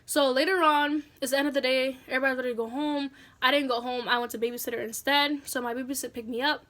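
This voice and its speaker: A woman vlogger telling a personal story in a casual, animated, slangy way. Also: high-pitched, quick pace.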